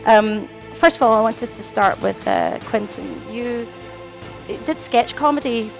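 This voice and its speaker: A Scottish woman hosting a live convention panel, energetic and chatty, quick to laugh. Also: on the high side, vocal fry, music in the background, low-quality recording. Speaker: panel host. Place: stage at a convention expo.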